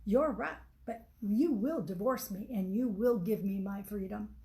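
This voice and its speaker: A woman reading the part of a cold, dismissive husband who talks flatly and curtly. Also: fairly high pitch, moderate pace, creaky. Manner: flat, curt, demanding.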